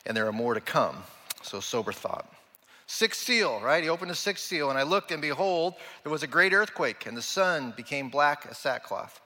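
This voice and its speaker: A man's voice: mid-range voice, sharp tone, in a large hall. A man preaching a sermon from the pulpit, reading scripture and pressing the congregation with emphatic rhetorical questions. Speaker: pastor.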